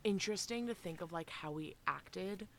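A woman co-hosting a podcast, chatting in a relaxed way and swearing now and then. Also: fairly low pitch, moderate pace. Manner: relaxed, casual, drops swear words. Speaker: podcast co-host. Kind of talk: casual chat.

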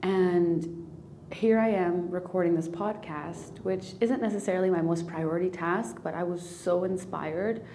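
A woman's voice: on the low side, steady tone, a little slow, dark tone, a little hiss or hum. A woman hosting a personal spiritual podcast, talking earnestly and emotionally, near tears, often restarting and repeating phrases. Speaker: podcast host.

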